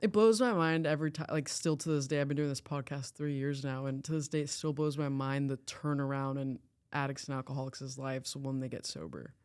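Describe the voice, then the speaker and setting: A woman's voice: very deep voice, fairly quick, few pauses, a little mellow, clean tone, dry recording, studio quality. A woman hosting a podcast interview, casual and enthusiastic, reacting supportively to her guest, with some swearing. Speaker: podcast host.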